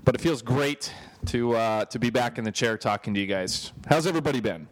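A man's voice: mid-range voice, fairly quick, poor audio. A young man co-hosting a podcast in casual chat, joking and teasing his partner. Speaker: podcast co-host.

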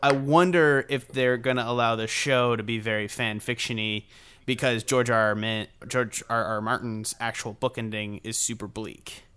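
A man on a casual group podcast, talking excitably with lots of fillers and swearing. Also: medium pitch, normal speed, clean tone. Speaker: podcast panelist.

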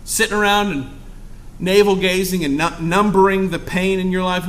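A young man preaching a sermon with passion, moving between loud exclamations and hushed asides. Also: high-pitched, moderate pace.

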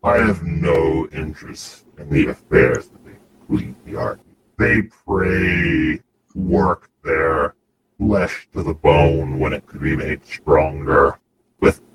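A deep, slow-spoken machine-cult priest, as a man puts him on for a tabletop game, cold and arrogant, declaiming every word. The voice sits very low. A steady noise hangs behind it. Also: full character voice.

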